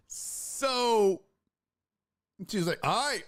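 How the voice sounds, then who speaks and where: A man's voice: a little high, a little slow. A man hosting a sports podcast, telling a story casually and acting out the people in it, with lots of swearing. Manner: animated, profane, acts out voices in his anecdotes.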